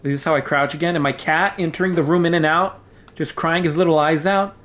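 This man's voice sits on the high side, a bit bright, with fairly even intonation and a slightly fast pace. He's a gaming YouTuber doing casual let's-play commentary in a home room, cracking jokes and yelping when startled, all picked up by a desk microphone.

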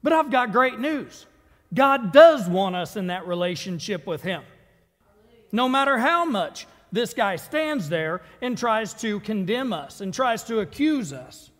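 A man's voice: sits high, fairly bright tone. A man preaching a sermon in a church, reading scripture in an earnest, conversational way. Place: church sanctuary. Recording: long reverb of a church hall.

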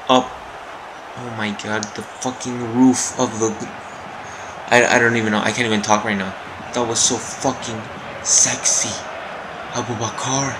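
A young man giving loud, profane, excitable live commentary on his own football video game match. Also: mid-range voice, background noise. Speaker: gaming YouTuber.

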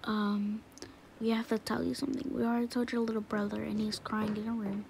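A woman playing a mother in a home-made family skit, talking softly and reassuringly, often half-whispered. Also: a little high, little pitch movement, brisk, vocal fry. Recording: noisy home recording.

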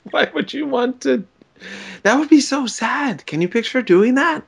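A man on a comedy podcast who talks slowly and lets his pitch swing widely. He reacts with bemused disgust, questioning each absurd idea. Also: animated, creaky, fairly bright tone, breathy edge. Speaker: podcast co-host. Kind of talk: comic banter.

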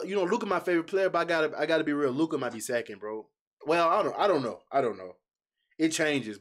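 A man hosting a casual basketball reaction video, excitable and slangy, blurting out swears and talking straight to his viewers. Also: medium pitch.

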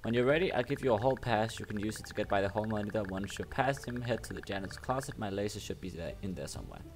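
A man's voice: on the low side, animated, fast talker. A man reading the lines of a bossy, wheedling schoolboy who makes deals, during a game playthrough. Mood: scheming. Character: scheming schoolboy dealmaker.

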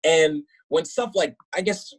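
Husky-voiced man telling a rambling story. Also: fairly high pitch, unhurried, poor audio. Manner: rambling, filler-heavy, self-mocking, laughs between lines. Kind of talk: casual comedic personal storytelling.

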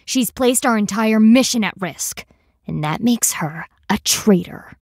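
A woman's voice: medium pitch, lively intonation, measured pace, a little mellow, dry recording, studio quality. A woman voicing a stern young warrior who talks in a formal, clipped and severe way, in a video game. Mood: accusing.

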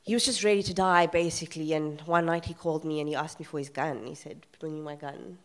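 Emotional woman telling a personal story. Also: low voice. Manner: candid, emotional storytelling with many pauses and fillers. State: emotional, near tears. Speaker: panel guest, author. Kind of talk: live festival panel discussion. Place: festival event room.

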